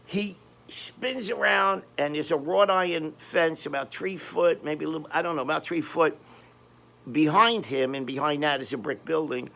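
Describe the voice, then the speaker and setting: An older man with a Brooklyn accent telling a rambling street story in a casual, animated way, often restarting his sentences. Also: a little high, moderate pace, gravelly. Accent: Brooklyn New York. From Brooklyn, New York.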